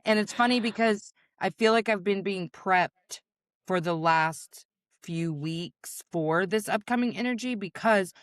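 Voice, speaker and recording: A woman podcast host sharing a personal story in a candid, animated way during a casual conversation. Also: mid-range voice, unhurried, no echo, studio quality.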